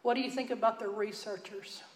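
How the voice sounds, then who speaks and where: A woman with a Texan accent, teaching a sermon in a folksy, earnest storytelling way that drops to a hush for emphasis. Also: medium pitch, steady tone, fairly quick, echoey room, low-quality recording. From Texas. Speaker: Bible teacher.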